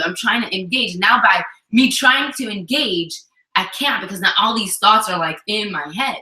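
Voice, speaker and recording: Woman co-host, lively storyteller, bright tone, echoey room sound. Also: mid-range voice, normal speed. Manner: animated storytelling, acts out quotes. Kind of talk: casual couple chat.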